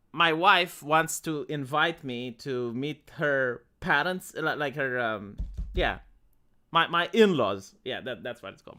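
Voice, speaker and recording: A young man with a fairly high, bright voice and a forceful tone chats bluntly with his live-stream chat, swearing often as he answers comments.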